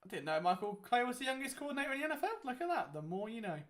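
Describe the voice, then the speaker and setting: Very fast and very high-pitched, with big pitch swings, this young man hosts a casual live watchalong. He's chatty and rambling in his game commentary, using many fillers.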